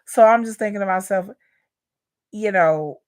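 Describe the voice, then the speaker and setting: A woman's voice: medium pitch, a little slow, darkish tone, clear, resonant tone, no echo, studio quality. A woman hosting a live reaction stream, speaking frankly and chattily to her viewers about her love life, often repeating herself and calling them "y'all.". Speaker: YouTube reaction host. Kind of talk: candid personal rant.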